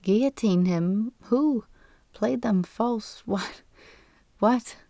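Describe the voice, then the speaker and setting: A woman's voice: a little high, extremely slow, dark tone, dry recording, studio quality, pitched above the performer's own voice. A woman reading an audiobook, voicing an exasperated bearded young man who impatiently corrects the clerk.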